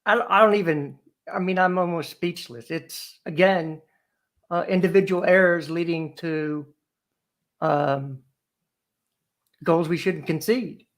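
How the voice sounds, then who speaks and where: A man's voice: fairly high pitch, takes it slowly, long pauses. A man as a guest fan on a call, talking in a deflated, hesitant way with many fillers after a match. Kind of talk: casual post-match chat.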